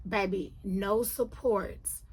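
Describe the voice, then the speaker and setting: A woman's voice: medium pitch, steady tone, takes it slowly, breathy edge. A woman giving a sassy, slangy, emphatic recap of a reality TV episode. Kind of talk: casual recap commentary.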